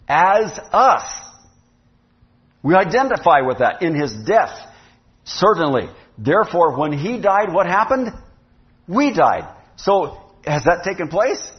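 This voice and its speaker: Conversational male pastor, lo-fi. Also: on the high side. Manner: conversational, asks the congregation questions. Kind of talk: sermon. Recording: dull lo-fi sound.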